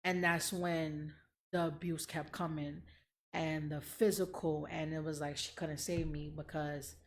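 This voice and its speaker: Brief: young woman host, lowish voice, blunt and profane, candid emotional chat. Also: flat delivery, a little slow, slight background noise. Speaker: podcast host.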